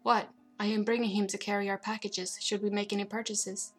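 A stern, formal male alien emperor who speaks in a measured way, as a woman narrator puts him on. The delivery stays flat with little rise and fall. Faint music sits under the voice. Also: mid-range voice, slightly rough, natural voice.

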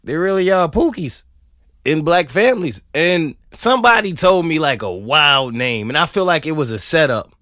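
Animated, fast-laughing man ranting. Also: a little high, no room sound, studio quality. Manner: animated, laughs often, swears freely. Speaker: podcast host. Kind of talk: comedic rant.

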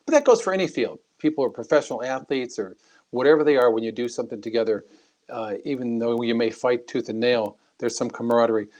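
Man telling animated political anecdotes. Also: medium pitch, quick pace. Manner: anecdotal, animated, frequent restarts. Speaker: former congressman guest. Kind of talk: interview storytelling.

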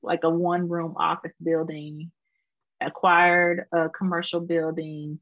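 A woman's voice: low voice, little pitch movement, a little slow, no room sound, phone-quality sound. A woman with a Houston Texas accent, a guest artist chatting casually in an interview, full of fillers and laughter.

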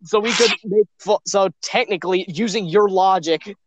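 A man's voice: high-pitched, normal speed, lo-fi sound, noisy background. A man co-hosting a casual podcast, rambling and circling back to finish his points. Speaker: podcast co-host.

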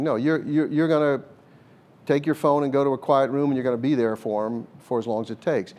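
A man's voice: medium pitch, fairly even intonation, quick pace, a little mellow. An older man, a former hostage negotiator, answers interview questions in an earnest, conversational way, repeating words as he thinks and laughing now and then.

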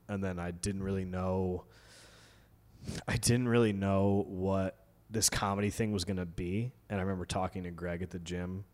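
A man's voice: low-pitched, darkish tone, in a large hall. A man in casual podcast chat, telling a story and acting out the quotes, as a comedy show host.

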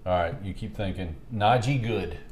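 Casting note: man with a low voice, relaxed podcast co-host, loose and profane, echoey room with a faint hiss behind. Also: moderate pace. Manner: laid-back, swears freely, laughs at his own stories. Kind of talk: casual chat.

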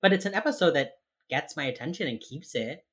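Low-voiced woman recapping a TV episode. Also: expressive, a little fast. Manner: rambling recap with lots of "like", acts out characters. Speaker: podcast co-host. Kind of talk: casual chat, recapping an episode.

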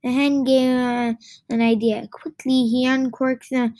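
A woman reading a children's book aloud in a halting way, with many restarts and stumbles. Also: high-pitched, little pitch movement, a little mellow, dry recording. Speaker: reader.

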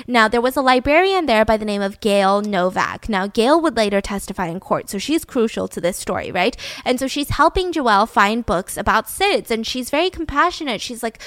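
A woman's voice: on the high side, lively intonation, brisk, hardly any pauses, fairly bright tone, dry recording, clean studio sound. A young adult woman telling a true-crime story in a casual, blunt way, swearing and using lots of "like". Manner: chatty, blunt, swears, fills with "like". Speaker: podcast host.

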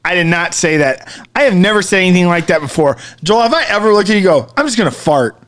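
A man co-hosting a podcast, telling a story in casual banter, animated and laughing often, swearing freely. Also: sits high, fast, clear, resonant tone. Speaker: podcast co-host.

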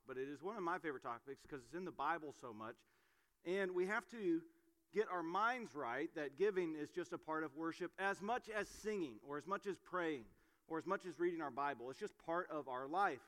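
A middle-aged man preaching a sermon, telling family stories in a relaxed, conversational way with frequent fillers. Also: a little high, brisk. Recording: long hall reverb.

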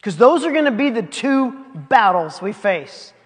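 A man's voice: high voice, big pitch swings, a little slow. A man preaching a sermon, reading scripture aloud and commenting on it in a conversational way with laughing asides. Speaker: pastor. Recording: long hall reverb.

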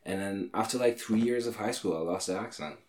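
A man's voice: lowish voice, a little mellow. A man from France, a podcast guest, chatting casually in a laid-back, rambling way full of fillers. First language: French. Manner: laid-back, rambling with lots of "like" and quick laughs. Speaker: podcast guest, actor and comedian. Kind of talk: casual chat. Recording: roomy echo.

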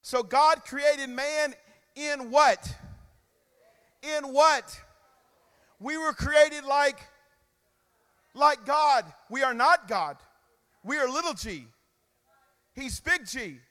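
High-voiced preacher in an echoing hall. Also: male voice, very slow, pauses often. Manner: emphatic call-and-response preaching with sudden loud and quiet swings. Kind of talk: sermon. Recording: long reverb of a large hall.

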